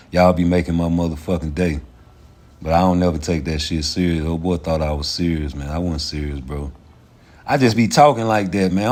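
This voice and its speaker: A man with a lowish voice holds forth on his own livestream, swearing freely and laughing between points. He talks straight to his viewers in a loose, rambling rant. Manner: profane, animated, laughs often. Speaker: livestream host.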